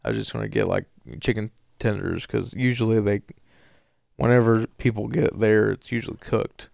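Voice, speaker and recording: A man rambles through a casual story, full of fillers and restarts. His low voice is gravelly at the bottom yet smooth and clear, recorded close and dry. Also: lively intonation, normal speed, a little mellow, no room sound. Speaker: streamer answering viewer questions.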